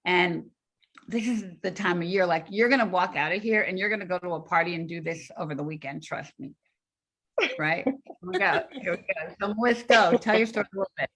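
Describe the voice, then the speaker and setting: A woman's voice: fairly low pitch, fairly quick, fairly bright tone. A woman hosting a talk show, upbeat and coaxing her guests to talk.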